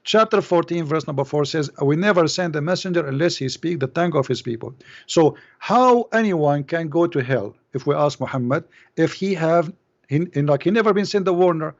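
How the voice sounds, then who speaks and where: Male caller, slightly high pitch, halting then pressing, muffled lo-fi audio. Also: animated, creaky. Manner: questioning, many hesitant fillers. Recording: dull lo-fi line.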